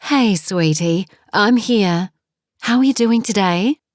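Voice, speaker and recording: A woman voices a tired, worried middle-aged mother who speaks tenderly and anxiously. Her medium-pitched delivery is slow, pitched above her own natural voice but close to everyday speech, with clean studio sound and no room sound.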